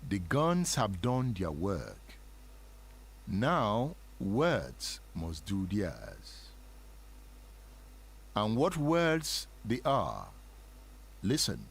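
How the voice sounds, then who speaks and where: A man's voice: lowish voice, huge pitch swings, extremely slow, vocal fry, pauses often, husky. A man from Nigeria hosting a dramatic spoken history talk, with a sermon-like cadence and frequent rhetorical questions. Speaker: host.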